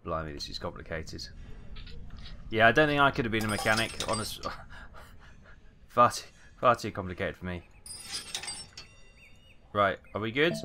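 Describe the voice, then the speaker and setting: Welsh male let's-play host, low-ish voice, rambling chatty narration over audible hiss. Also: lively intonation, normal speed, pauses often. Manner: chatty, muttering while working, British exclamations. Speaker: gaming video host. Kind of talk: casual let's play commentary.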